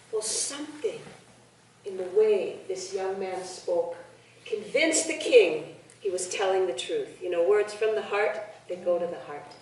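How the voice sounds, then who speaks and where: A woman telling a folk tale to a live audience, playful and lively, bantering with listeners. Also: mid-range voice, unhurried. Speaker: storyteller. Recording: echoey hall from far off.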